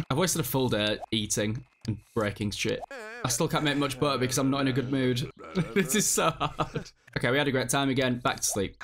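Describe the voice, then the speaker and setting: A man's voice: medium pitch, a bit bright, a little hiss or hum. A man giving casual, self-mocking commentary over a video game, with a non-American English accent. He swears freely and laughs often. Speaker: let's play host.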